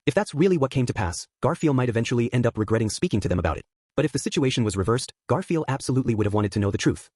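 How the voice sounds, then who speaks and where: Fast husky male audiobook narrator. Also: mid-range voice, very animated, a little mellow, dry recording, clean studio sound. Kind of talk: scripted narration.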